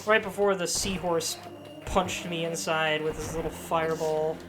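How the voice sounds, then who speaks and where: A woman's voice: low voice, steady tone, moderate pace, noisy background. A woman casually commenting on her own playthrough of a game, talking to herself with playful asides. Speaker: gaming commentator. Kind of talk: casual let's-play commentary. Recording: game music behind voice. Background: game music.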